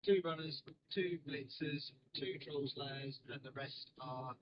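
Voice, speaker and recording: An easygoing, chuckling man with a somewhat high pitch chats as a guest in a car. Clear background noise runs under his voice. The audio is dull and lo-fi. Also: slow pace. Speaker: podcast guest. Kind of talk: casual chat. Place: inside a car.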